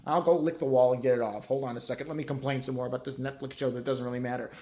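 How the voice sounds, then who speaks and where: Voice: mid-range voice, fairly even intonation, racing, mellow. A middle-aged vlogger in a profane, sarcastic, rambling rant. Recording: roomy echo.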